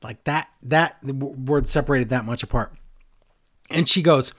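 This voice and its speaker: A man co-hosting a casual wrestling recap podcast, sarcastic and lively as he runs through the night's events. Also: medium pitch, normal speed. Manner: animated, sarcastic play-by-play.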